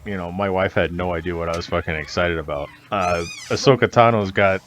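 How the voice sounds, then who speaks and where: A man's voice: low-pitched, a little fast, a bit bright, a little hiss or hum. A man co-hosting a podcast, chatting casually with a lot of swearing, frequent laughter and trailing restarts. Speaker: podcast co-host.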